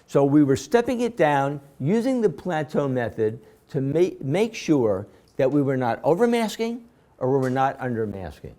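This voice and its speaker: In this classroom lecture, the instructor has a warm, mid-range voice with large swings in pitch and a moderate pace. Repeatedly questioning his students, he explains a procedure one step at a time, going over it repetitively.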